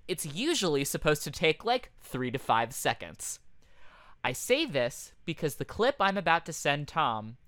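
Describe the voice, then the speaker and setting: A man co-hosting a comedy podcast, telling a story with animated, profane outbursts. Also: a little high, unhurried, no echo. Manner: animated, swears freely, bursts into loud outbursts. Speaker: podcast co-host.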